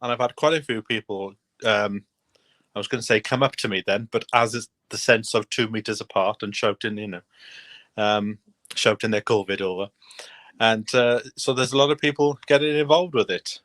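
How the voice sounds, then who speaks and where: A man's voice: lowish voice, fairly even intonation, moderate pace, a bit bright, no room sound. A man hosting a casual gardening chat show, rambling and self-deprecating as he talks. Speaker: host.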